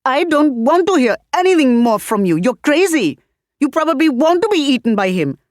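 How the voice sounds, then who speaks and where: A woman reading an audiobook voicing an outraged young woman who shouts in defiance. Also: sits high, sing-song, normal speed, no echo, studio quality, voice pushed up. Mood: furious.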